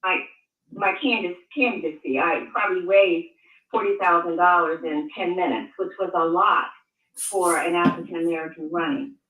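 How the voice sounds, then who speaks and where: A woman's voice: on the low side, steady tone. Older woman guest on a tinny line. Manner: measured, halting, restarts words. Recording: tinny phone-like line, echoey, far from mic.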